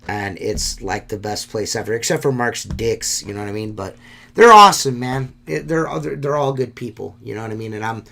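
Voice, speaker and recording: A man's voice: fairly low pitch, fairly quick, gravelly, few pauses. A man hosting a solo podcast, talking in a rambling, heartfelt way and swearing often. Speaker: podcast host.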